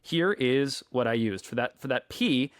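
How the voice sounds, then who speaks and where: A man co-hosting a podcast in casual chat, walking listeners through an experiment with playful, deliberate explanations. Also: mid-range voice, no echo, clean studio sound. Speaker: podcast co-host.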